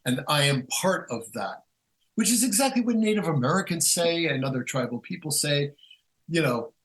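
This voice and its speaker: A guest author with a slightly high voice speaks at a moderate pace, rambling casually through stories with many restarts. He is animated and acts out quotes as he goes. The recording quality is low.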